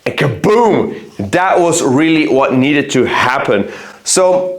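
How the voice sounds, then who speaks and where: A man's voice: mid-range voice, expressive, slow, reverberant. A man talking casually to camera about his own training, earnest and thinking aloud as he points to his arms. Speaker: fitness vlogger. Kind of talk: casual explanatory talk to camera.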